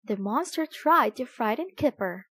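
A woman reading a children's story aloud, slow and expressive in a sing-song way. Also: a little high, husky, no echo. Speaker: storybook reader.

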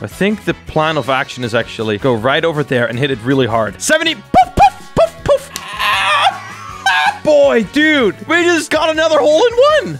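A young man giving excited commentary while playing a golf video game, hyper and quick to laugh, often shouting. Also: fairly high pitch. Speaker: gaming YouTuber.

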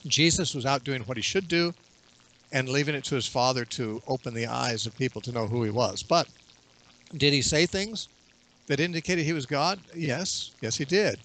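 Measured man explaining scripture. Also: medium pitch, fairly bright tone. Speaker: bible teacher. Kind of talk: radio interview.

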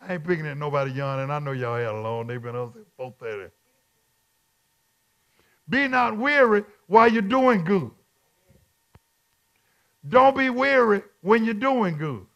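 High gravelly-voiced male preacher. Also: big pitch swings, measured pace, pauses often, dull audio. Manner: call-and-response, repeats phrases, swings from quiet to shouting. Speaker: bishop teaching Bible study. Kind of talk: preaching Bible study.

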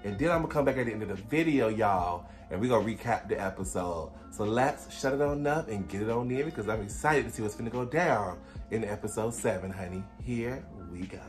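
A man hosting a casual reaction video, talking in an excitable, gushing, slangy way. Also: fairly low pitch, fairly quick, music in the background. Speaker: reaction channel host.

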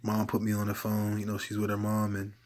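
A man's voice: lowish voice, monotone, a little fast, darkish tone. A man preaching informally to camera in an earnest, exhorting way, repeating his points for emphasis. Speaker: lay preacher.

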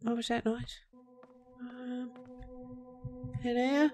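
A woman's voice: fairly high pitch, flat delivery, very slow, noisy background. Profane, jokey woman gaming host. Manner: profane, jokey, bursts between loud outbursts and whispers. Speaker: let's play host. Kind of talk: gameplay commentary.

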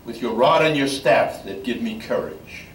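An older man, a priest, reading scripture in a measured, solemn way at a memorial service. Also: medium pitch. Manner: measured solemn reading, halting when speaking freely. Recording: echoey room from far off, faint background noise.

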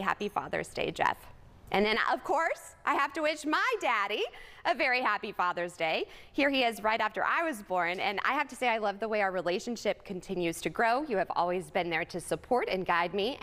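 A woman's voice: medium pitch, a bit bright, long reverb tail. A woman hosting a morning TV show, bubbly and sentimental, speaking. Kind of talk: upbeat morning TV presenting.

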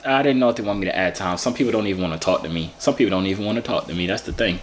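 A man's voice: sits low, very fast, very noisy. A young man from Arizona talking in a playful, joking way full of slang while he makes a casual vlog. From Arizona, USA. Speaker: YouTuber.

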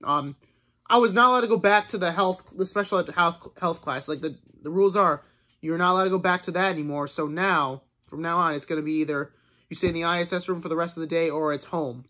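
A man's voice: on the high side, quick pace, pushed and bright. Young adult male vlogger, rambling storyteller, loose filler-heavy delivery. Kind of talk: casual storytelling monologue.

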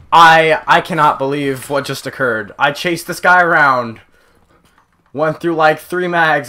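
Hyped young guy yelling through his gameplay, bright punchy voice. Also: mid-range voice. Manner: excitable, yelps and exclaims often. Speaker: gaming channel host. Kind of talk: live gameplay commentary.

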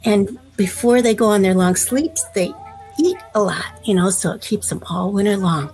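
A woman storyteller telling a folk tale to children in a gentle, unhurried way. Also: medium pitch, low-quality recording.

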